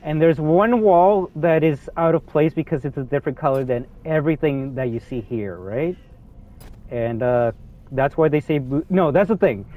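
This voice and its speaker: A young man giving excitable, rambling commentary over a game, swinging between low mutters and loud outbursts. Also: normal speed. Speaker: gaming youtuber. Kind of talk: ranting gameplay commentary.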